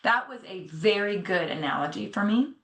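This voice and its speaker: Animated middle-aged woman in an echoey room. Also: medium pitch, normal speed. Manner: animated, jumps into quoted voices. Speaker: podcast co-host. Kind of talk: candid storytelling chat.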